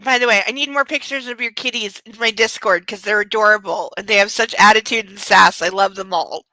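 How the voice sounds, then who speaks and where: A woman hosting a book club livestream, chatting casually and reading aloud, giggling and exclaiming in loud reactions. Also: mid-range voice, a little fast, dry recording, poor audio.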